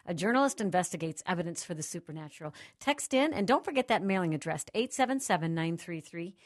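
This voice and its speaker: A woman's voice: fairly low pitch, no room sound, clean studio sound. A woman hosting a radio talk show, promoting a book and reading out contact details with emphasis.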